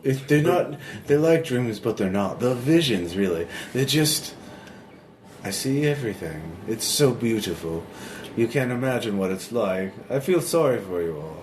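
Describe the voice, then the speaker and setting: A man's voice: expressive, moderate pace, a little mellow, lightly acted. A man voicing an eccentric, flighty young male painter in a tabletop game, giddy and smug. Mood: dreamy. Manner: giddy, high-pitched, smug. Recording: echoey room, background noise.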